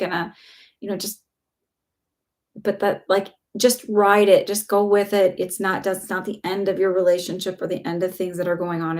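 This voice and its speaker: A woman's voice: medium pitch, darkish tone. A woman giving a live psychic reading, chatty and reassuring, with lots of fillers. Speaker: psychic reader. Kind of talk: live-stream reading, casual chat.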